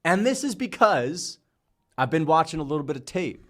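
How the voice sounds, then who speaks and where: A young man streaming live, calling fight picks with hyped, shouting bursts, swearing and playful trash talk. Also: on the high side, big pitch swings, moderate pace. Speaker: livestreamer making fight picks. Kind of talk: excited livestream reaction commentary.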